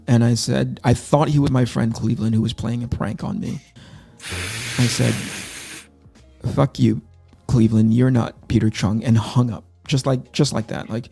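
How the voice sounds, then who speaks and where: Mellow-voiced man telling candid stories. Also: mid-range voice, gravelly. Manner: candid, self-deprecating anecdotes with many restarts. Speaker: comic artist hosting a launch stream. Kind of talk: casual storytelling.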